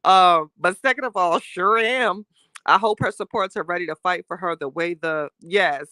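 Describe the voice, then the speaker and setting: A woman's voice: lowish voice, moderate pace, no room sound, studio quality. A woman hosting a casual livestream, reading chat and talking with sass, laughing often. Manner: sassy, animated, laughing often, Southern Black American slang.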